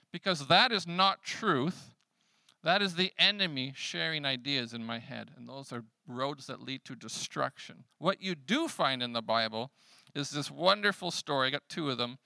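A man preaching a sermon in a conversational way, swinging between loud emphatic lines and hushed quiet ones. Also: medium pitch, animated, moderate pace, vocal fry, dry recording. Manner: conversational preaching with casual fillers. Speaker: pastor.

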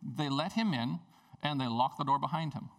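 Gravelly man preaching a lively sermon. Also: mid-range voice, moderate pace, distant mic. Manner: conversational, animated storytelling preaching. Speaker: pastor. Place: church service.

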